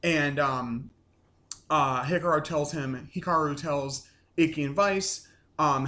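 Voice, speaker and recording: Man, slightly higher voice, rambling recap, fillers, casual swearing, at home. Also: unhurried, bright, forceful tone. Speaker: reviewer.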